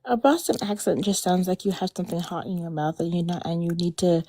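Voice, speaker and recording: A woman's voice: on the low side, quick pace, warm tone, dry recording. A woman co-hosting a live talk stream in a joking, giggly way. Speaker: co-host.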